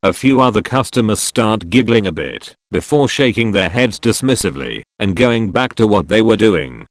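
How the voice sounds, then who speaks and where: Man narrating stories, low and animated, dry close sound. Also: moderate pace, no echo. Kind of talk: scripted story narration.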